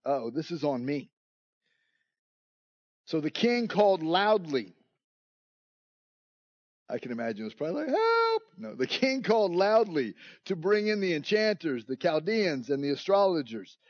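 A man's voice: fairly high pitch, a little mellow, no echo, lo-fi sound. A man preaching a sermon, telling the story dramatically and acting out the scenes. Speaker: pastor.

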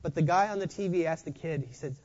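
A preacher giving a sermon in an animated way, often repeating words as they go. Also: medium pitch, fast. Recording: dull lo-fi recording.

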